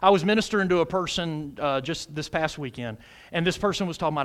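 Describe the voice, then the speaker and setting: A man preaching a sermon as pastor of a church, loud and emphatic, using humor and questions to the congregation. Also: fast. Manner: loud, emphatic preaching with big pitch swings. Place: church sanctuary.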